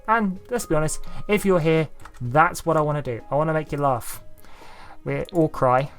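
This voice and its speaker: A man's voice: a little high, moderate pace, faint music behind. A man from the south of England with a Southern English accent, chatting in a rambling, self-deprecating way as he narrates his game build. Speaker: YouTuber building in a life-sim game. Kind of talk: casual gameplay commentary.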